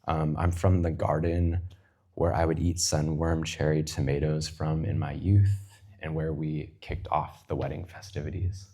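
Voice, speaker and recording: A man in his twenties giving an unhurried, poetic reflection, lingering over long lists and sometimes dropping to a near-whisper. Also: extremely low pitch, level tone, warm tone. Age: 20s. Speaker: guest speaker. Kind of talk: reflective personal reading.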